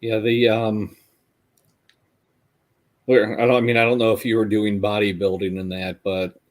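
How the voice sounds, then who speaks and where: A man co-hosting a casual chat, chiming in with short agreements and halting, restarted remarks. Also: fairly low pitch, level tone.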